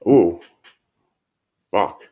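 A man's voice: very slow, phone-quality sound. A man chatting as a podcast guest, easygoing and rambling, swearing freely as he talks. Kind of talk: casual chat.

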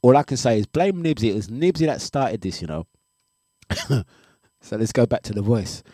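A man hosting a breakfast radio show in casual live chat. He is animated, laughs often and repeats his phrases. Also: medium pitch, moderate pace, no room sound, studio quality.

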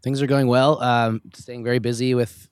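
A man's voice: mid-range voice, level tone, moderate pace, clean tone. A man who is a musician guest on a podcast, chatting on a rooftop outdoors, upbeat and easygoing. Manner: upbeat, easygoing, laughs readily. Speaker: guest, musician and festival organizer. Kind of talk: casual chat. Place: rooftop outdoors over a city.

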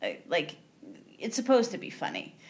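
A woman co-hosting a podcast, chatting casually about a movie and acting out its lines in excited voices. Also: normal speed. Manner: acts out film lines in high excited voices. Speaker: podcast co-host. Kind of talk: casual movie-recap chat.

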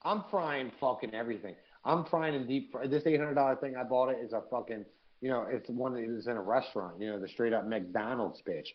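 A man co-hosting a live podcast, telling profane, animated stories in casual chat. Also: medium pitch, a little fast, muffled recording. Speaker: podcast co-host.

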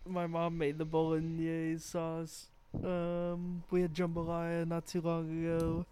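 A relaxed man in loose podcast chat, his voice sitting a little high. He mostly answers briefly and agreeably, slipping in a dry joke now and then, over a faint hiss. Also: slow. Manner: laid-back, short agreeing replies, dry jokes. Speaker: podcast co-host. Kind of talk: casual chat.

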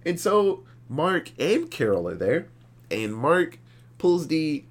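Male podcast co-host, lively profane movie recap, raised pitch that swings widely. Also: slow pace. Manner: animated, profane storytelling. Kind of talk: casual movie review chat.

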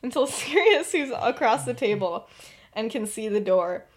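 A woman's voice: a little high, big pitch swings, moderate pace. A woman casually retelling a story as podcast co-host, giggly and full of fillers.

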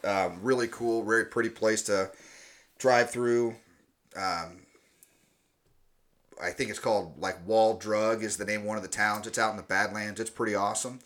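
A man hosting a casual podcast, relaxed and joking, with plenty of ums and uhs. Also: fairly low pitch, normal speed, pauses often. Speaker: podcast host. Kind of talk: casual chat.

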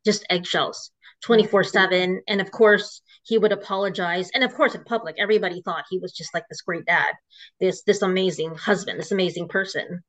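A woman's voice: on the low side, fairly even intonation, brisk, a bit bright. A woman guest telling her own story in an emotional, rambling way, full of restarts. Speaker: interview guest. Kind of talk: personal storytelling. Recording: dull lo-fi audio.

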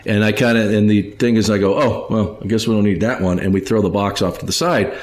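A man hosting a podcast in casual chat, rambling along with many pauses and restarts and speaking to the listeners as folks. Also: on the low side, fairly even intonation. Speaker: podcast host.

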